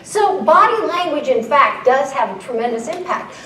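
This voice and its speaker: High, animated woman giving a keynote. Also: normal speed, far from the mic, a little hiss or hum. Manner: lively, playful, often questions the audience. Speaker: keynote speaker. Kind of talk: live presentation to an audience. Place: conference room with a live audience. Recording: echoey room, voice a little off-mic.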